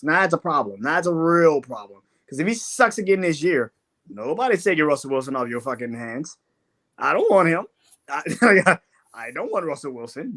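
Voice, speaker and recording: A young man co-hosting a casual sports talk show, voice sitting a touch high, ranting about his team with loud laughs and a heavy dose of profanity. He speaks in a loose, animated, conversational way.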